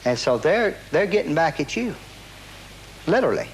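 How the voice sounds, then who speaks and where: A man's voice: on the high side, moderate pace, a little hiss or hum, low-quality recording. A man in an interview telling a story in a casual way, acting out quotes with many repeats and restarts, and swearing now and then. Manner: animated retelling, heavy quoting, repeats and restarts, swears.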